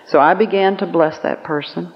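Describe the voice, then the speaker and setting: A woman's voice: on the low side, fairly even intonation. Earnest woman speaker, lo-fi hall echo. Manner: storytelling, earnest, slow emphatic phrasing. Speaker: conference speaker. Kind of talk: recorded Christian teaching message. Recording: lo-fi recording with long reverb.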